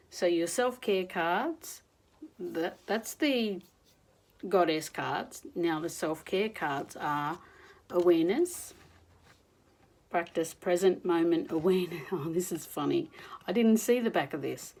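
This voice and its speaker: A woman doing an oracle card reading in a gentle, reflective, encouraging manner. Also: on the low side, poor audio. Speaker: spiritual card reader.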